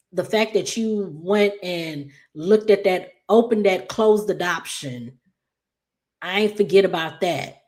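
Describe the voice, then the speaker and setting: A woman casually recapping a soap opera episode in a chatty, animated way, with lots of fillers. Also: lowish voice.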